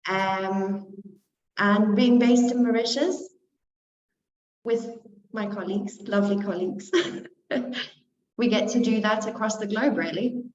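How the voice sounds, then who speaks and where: A woman from Zimbabwe co-presenting on a webinar over a video call, soft-spoken and giggling between phrases. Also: medium pitch, fairly even intonation, slow. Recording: echoey, dull, faint noise.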